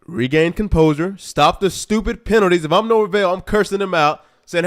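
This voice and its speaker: A man's voice: high-pitched, normal speed. A young man hosting a casual live football watch stream, commenting on the game and talking back at it, climbing into exasperated outbursts. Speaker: livestream host.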